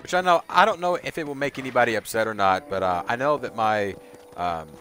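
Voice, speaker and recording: A man's voice: mid-range voice, a little fast, pushed and bright, faint music behind. A man streaming a video game, chatting casually to viewers with lots of fillers and restarts. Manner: rambling, lots of fillers and restarts, laughs easily. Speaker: live streamer. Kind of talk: casual gameplay commentary.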